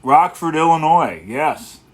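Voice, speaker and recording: A man hosting a casual livestream as a guitarist, talking in a relaxed, rambling way and greeting viewers one by one. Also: a little high, slow.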